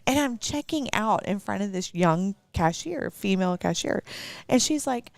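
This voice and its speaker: A woman from Texas with a country accent, commentating live archery in a casual, laugh-filled chat and telling stories with lively voices. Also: medium pitch, moderate pace, creaky, no echo. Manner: laughs often, tells animated stories.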